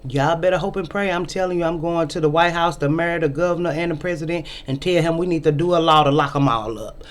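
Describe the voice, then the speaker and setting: A woman's voice: sits low, fast. A middle-aged woman talks straight to her viewers in an opinion vlog. Her delivery is emphatic and ranting, and she repeats her points for effect. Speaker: vlog host.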